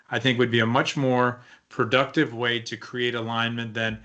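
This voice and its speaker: A man's voice: mid-range voice, level tone, moderate pace, hardly any pauses, a bit bright, muffled recording. A man co-hosting a leadership podcast as a coach, talking casually and emphatically, often asking rhetorical questions.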